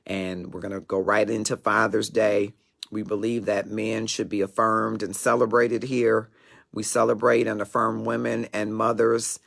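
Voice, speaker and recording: A man's voice: lowish voice, creaky, a bit bright. A middle-aged man hosting a talk show, giving an emphatic, preachy and digressive motivational monologue.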